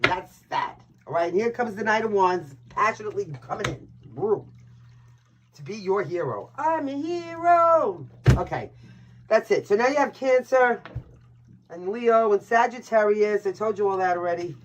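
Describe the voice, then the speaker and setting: A Brooklyn woman with a Brooklyn, New York accent hosts a casual live-stream tarot reading, chatty and brash, swearing and laughing at her own jokes. Her mid-range voice is expressive and moves at a moderate pace. The recording has its highs cut off and a noisy background.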